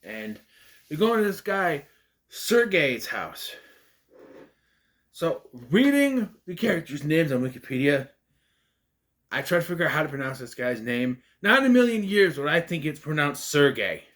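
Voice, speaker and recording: A man's voice: a little high, moderate pace. A young man giving a casual, rambling movie review, often correcting himself mid-sentence. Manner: rambling, self-correcting, animated. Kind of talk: casual spoken film review.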